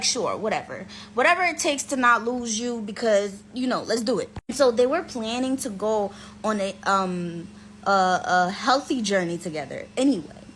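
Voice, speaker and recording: A woman's voice: medium pitch, a little hiss or hum, low-quality recording. A woman storyteller and author chatting informally through a story time, calling her listeners "y'all".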